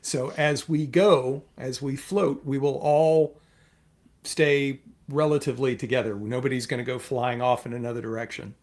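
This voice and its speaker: A man's voice: mid-range voice, fairly even intonation, darkish tone. Man explaining his move with many fillers. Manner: halting, filler-heavy explaining. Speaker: player. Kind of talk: tabletop role-play chat.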